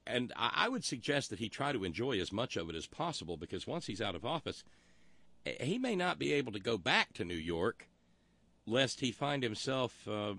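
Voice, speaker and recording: Deep, bright-toned talk radio host. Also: male voice, dry recording. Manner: rambling, wry, digressive, with historical asides. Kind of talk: monologue on a talk show.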